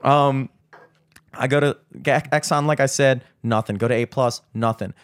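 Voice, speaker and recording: A young man with a smooth, medium-pitched voice talks at a normal speed. In casual podcast chat, he tells a rambling, profane story and animatedly acts out the voices of the people in it.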